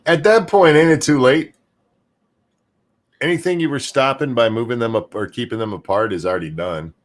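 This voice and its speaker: A man's voice: mid-range voice, moderate pace. A man hosting a casual talk show, blunt and joking. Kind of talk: casual chat.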